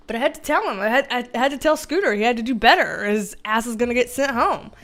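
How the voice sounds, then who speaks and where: A woman hosting a casual livestream, reading the chat aloud in a giggly, chatty, easily excited way. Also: fairly high pitch.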